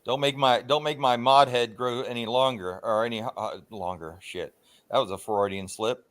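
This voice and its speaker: A man's voice: mid-range voice, steady tone, a bit bright. A man chats loosely with his viewers on a livestream. He rambles from one topic to the next, stops often for ums and uhs, and swears without a second thought. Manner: rambling, swears freely, frequent filler pauses. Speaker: livestream host. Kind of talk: casual livestream chat.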